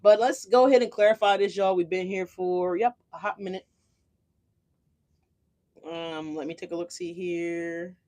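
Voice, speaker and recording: A woman's voice: on the low side, steady tone, moderate pace, pauses often, a little mellow. A woman giving a casual tarot reading, chatty and profane, tossing in "right?" asides. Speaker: tarot reader.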